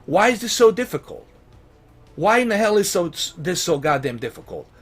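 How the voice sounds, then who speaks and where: Male vlogger, frustrated rant, a bit high-pitched, very lively swings, swears a lot. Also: moderate pace, faint music behind. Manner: exasperated, swearing, rhetorical questions; pleading and emphatic. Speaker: gaming vlogger. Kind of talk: ranting vlog commentary.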